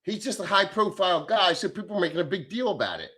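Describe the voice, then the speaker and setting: A man's voice: sits high, very animated, fast talker, sharp tone. A middle-aged man from the American Midwest, hosting a livestream, reading chat and ranting in a blunt, crude way. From Southern Illinois, USA. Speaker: livestream host.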